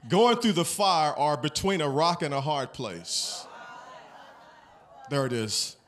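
Male pastor, slightly higher voice, conversational sermon with questions to the congregation. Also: very animated, takes it slowly, fairly bright tone, slight background noise.

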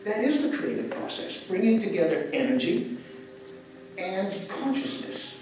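A man teaching breathwork to a live audience, moving between calm guided instructions and playful, jokey asides. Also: sits high, unhurried. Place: live festival session. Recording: echoey, distant room recording with noise.

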